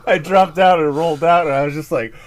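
A young man with a fairly high voice talks fast as he co-hosts a casual podcast, with a little hiss or hum on the recording. He's an animated storyteller who laughs often while telling his stories.

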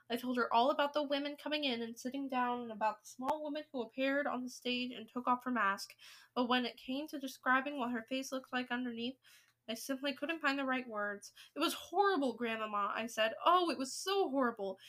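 A woman reads a children's book aloud, with steady, expressive storytelling. Her voice is high and bright. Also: a little fast.

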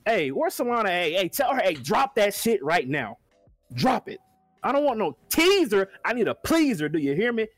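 A young man with a Southern US accent, joking crudely and excitedly in a casual reaction chat, saying "hey" over and over. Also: high-pitched, moderate pace, dry recording, soft background music. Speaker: reaction panelist.

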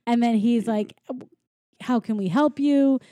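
A woman's voice: a little high, measured pace, warm tone, dry recording. A woman casually recapping a movie with a friend, storytelling and acting out quotes with lots of laughter. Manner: chatty storyteller, acts out quotes, laughs often. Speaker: podcast co-host recapping a film. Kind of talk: casual chat.

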